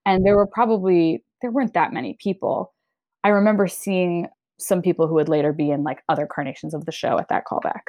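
A young woman, a stage actor, telling stories in a casual interview, lively and often laughing. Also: fairly quick. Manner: animated, laughing, quotes herself in a high voice.

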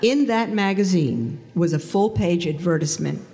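A woman giving a lively personal testimony talk, storytelling with big swings into quoted voices. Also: fairly low pitch, normal speed. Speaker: speaker giving a conversion testimony. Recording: long hall reverb.

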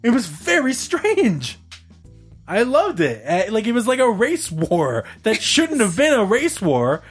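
Animated male podcast co-host, casual storyteller, lively pitch, light laughter. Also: a little slow, breathy edge, faint music behind. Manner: animated, swearing, laughs often.

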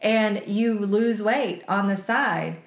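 A woman in her forties co-hosts a podcast, chatting casually in an enthusiastic way. Her voice is medium-pitched and slow-paced, with a roomy sound.

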